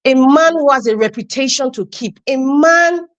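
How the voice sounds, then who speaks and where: A woman's voice: high voice, normal speed, dull audio. A woman speaking as a panelist in a heated political discussion on a live online stream, passionate and emphatic, often repeating herself.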